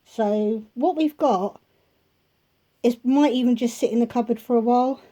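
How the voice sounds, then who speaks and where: A woman's voice: on the high side, normal speed, dark tone. A woman vlogging a grocery haul from her kitchen at home, talking casually and rambling into chatty asides.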